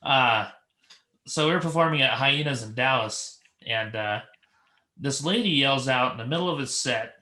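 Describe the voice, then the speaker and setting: A man hosting a podcast, telling an animated story and acting out the people in it. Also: mid-range voice, moderate pace. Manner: animated storyteller, acts out voices, laughs a lot. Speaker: podcast host. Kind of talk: casual chat, storytelling.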